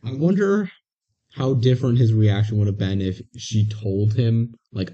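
Mellow man on a dull lo-fi recording. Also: fairly low pitch, measured pace, husky. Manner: brief agreeing interjections and plain commentary. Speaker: podcast co-host. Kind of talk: casual movie review chat.

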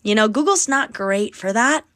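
A woman's voice: on the high side, expressive, moderate pace, fairly bright tone, dry recording, studio quality. A woman in her twenties hosting a podcast in casual chat, chatty and sarcastic, swearing freely. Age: 20s. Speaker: podcast host.

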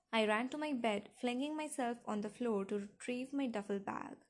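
A woman narrating a first-person novel in an intimate, emotional storytelling manner. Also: mid-range voice. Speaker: audiobook narrator.

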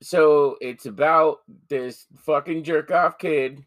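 A man's voice: a little high, takes it slowly, fairly bright tone. A man hosting a horror podcast from home, joking around, swearing casually and laughing often. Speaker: podcast host.

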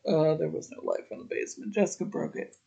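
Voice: mid-range voice, big pitch swings, fast, gravelly, warm tone, breathy edge, lo-fi sound. A podcast host casually recapping a TV episode, adding chatty, opinionated asides. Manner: retells scenes, briefly voicing the characters' lines.

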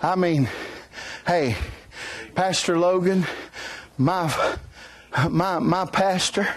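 A man preaching a sermon in a strikingly high voice. He takes his time, drawing out his phrases and building to fervent shouts, with folksy asides to the congregation between them. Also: drawn-out words.

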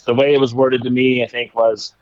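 A man of middle pitch tells a story in a loose, rambling way, with easy laughs along the way. The recording is dry and a little dull, with no room sound. He sounds relaxed, a guest in a conversation. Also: fairly quick, no echo. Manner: laid-back, rambling, laughs while telling stories. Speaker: former baseball pitcher, guest.

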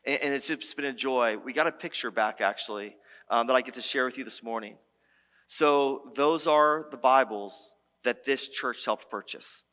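A man preaches to his church in a loose, conversational way, stumbling and restarting as he tells stories. His voice sits at an ordinary mid pitch. The sanctuary leaves a long reverb tail on every phrase. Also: normal speed. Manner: conversational, animated storytelling with many restarts. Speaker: pastor. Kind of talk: sermon.

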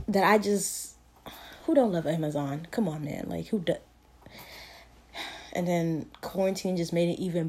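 A woman's voice: lowish voice, a little mellow. A young woman in college hosting a casual solo podcast, rambling and self-mocking, full of fillers. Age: young adult. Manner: chatty, rambling, self-deprecating with frequent fillers. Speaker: podcast host.

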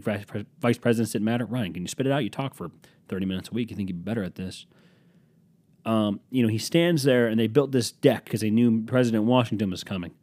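A young man talks alone into a close mic, pitched a bit low and recorded very dry. He rambles from one story to the next, mocks himself and swears casually. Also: darkish tone, dry recording. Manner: rambling, self-deprecating, profane, jokey. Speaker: podcast host. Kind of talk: solo podcast monologue.

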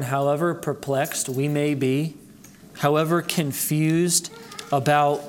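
A man preaching a sermon as pastor, earnestly calling his listeners brethren, his voice climbing high and loud for emphasis, then dropping low and quiet. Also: slight background noise. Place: church sanctuary.

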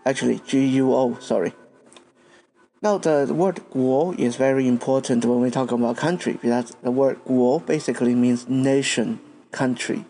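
A man's voice: mid-range voice, moderate pace, dark tone. A man from Taiwan, a podcast host giving a patient language lesson and spelling out words letter by letter.

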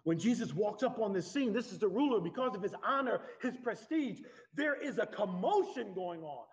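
A man preaches in a lively, conversational way, his voice sitting a bit higher than most men's. The recording sounds dull and lo-fi. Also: normal speed, breathy edge. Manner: animated, conversational preaching with laughs and acted-out quotes. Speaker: pastor. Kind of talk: sermon.

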